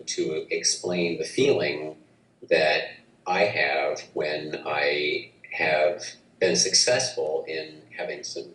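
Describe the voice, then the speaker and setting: Unhurried male breathwork teacher, gentle and halting, heard from a distance with slight room ambience. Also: extremely low pitch, slight background noise. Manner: slow, gentle, halting with restarts. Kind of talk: guided breathing instruction. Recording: roomy, distant mic, faint ambience.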